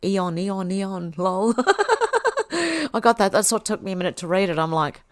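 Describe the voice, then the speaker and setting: A middle-aged Australian woman hosts a livestream, casually reading out viewer comments and answering them with little laughs. Her voice is medium-pitched at a normal pace, captured dry with clean studio sound.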